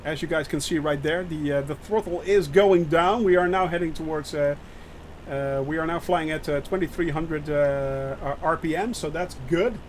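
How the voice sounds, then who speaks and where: A man's voice: fairly high pitch, moderate pace, slight background noise. A man streaming a flight simulator live, chatting with viewers and talking through the flight with many fillers and restarts. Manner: chatty, lots of fillers, reads chat aloud; nervous about landing. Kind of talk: live gameplay commentary.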